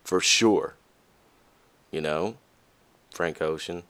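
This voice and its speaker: A man hosting a podcast, talking candidly and casually to listeners, with frequent fillers and restarts, and his voice jumps up high when he stresses a point. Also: drawn-out words. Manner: lively, pitch jumps high for emphasis. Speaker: podcast host. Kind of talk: casual motivational monologue.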